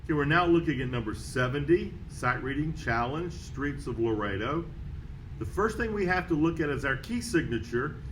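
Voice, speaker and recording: A man teaching a beginner trumpet lesson, calling out note names and counting beats in a steady, patient way. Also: on the high side, normal speed, a little hiss or hum, rough recording. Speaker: music teacher. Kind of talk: band method lesson.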